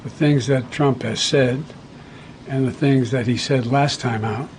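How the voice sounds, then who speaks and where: An older man, a politician, answering a reporter's question in a halting, hesitant way, repeating words as he goes. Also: mid-range voice, steady tone, noisy background. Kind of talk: press remarks.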